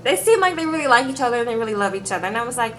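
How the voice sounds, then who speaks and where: Racing through her sing-song delivery, this reality TV reviewer recaps a show for her vlog audience with sass, addressing them as "girl" and "y'all." Her voice is a little high. Slight background noise can be heard.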